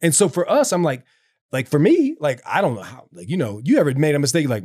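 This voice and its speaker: A man's voice: on the high side, wildly swooping pitch, fast, darkish tone, husky, dry recording, studio quality. A man talking earnestly about his faith in a casual conversation, rambling with many restarts and fillers. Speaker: guest speaking about faith.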